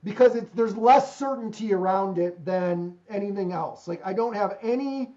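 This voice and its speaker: A man's voice: sits high, normal speed, warm tone. A man hosting a podcast over a video call, chatting and joking about deals and markets. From Ohio, USA. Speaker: podcast host. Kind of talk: casual business chat. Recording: slightly dull lo-fi call audio.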